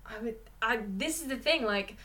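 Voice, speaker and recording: A woman talking in a casual chat about comics, passionate and animated, with lots of "like". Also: on the high side, moderate pace.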